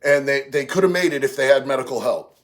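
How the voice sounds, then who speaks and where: A man's voice: medium pitch, fast talker. A man hosting a casual livestream, reading chat aloud and answering in slangy, streetwise talk. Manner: slangy, streetwise, says bro a lot.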